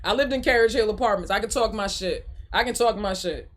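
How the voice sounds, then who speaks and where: A young woman hosts a loose live podcast and answers her chat off the cuff. She laughs a lot, curses freely and circles back to the same phrases. Her pitch sits in an ordinary middle range. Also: brisk. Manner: animated, laughing often, swearing, repeating phrases. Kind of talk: casual live-stream chat.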